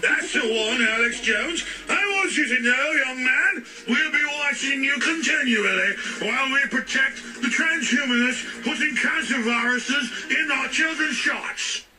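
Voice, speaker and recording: A man's voice: very high-pitched, a little slow, hardly any pauses, recorded from a distance, music in the background, low-quality recording. A man doing a comedy impression of a bombastic male conspiracy broadcaster putting on a snobbish English guard voice. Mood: ranting. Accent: put-on posh English. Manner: bombastic, shouting rant.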